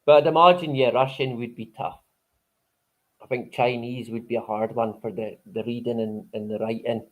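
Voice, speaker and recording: A man's voice: mid-range voice, steady tone, normal speed. A man hosting a live stream in casual chat, rambling, swearing freely and chuckling often.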